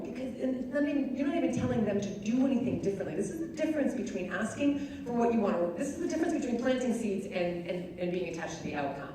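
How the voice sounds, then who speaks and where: A woman's voice: medium pitch, warm tone. A woman giving a chatty, conversational talk to an audience, with many fillers. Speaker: speaker. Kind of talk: live talk with audience questions. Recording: echoey hall, distant mic, faint noise.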